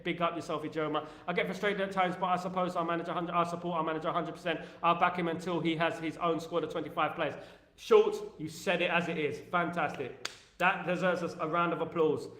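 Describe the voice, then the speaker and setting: A London-accented man hosting a casual football live stream, reading viewer comments aloud, upbeat and repeating his phrases as he shouts out fans. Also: a little high, fairly even intonation, fairly quick, echoey room. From England. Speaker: livestream host.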